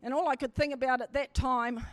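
High-voiced woman preaching a testimony. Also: fairly quick, no echo. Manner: animated storytelling that swells into fervent exhortation. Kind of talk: sermon testimony.

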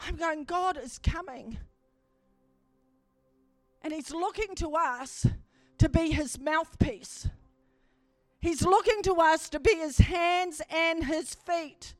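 A woman preacher telling a story in a sermon, building to emphatic, forceful swells as she preaches. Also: very high-pitched, slow, pauses often, no room sound, faint music behind.

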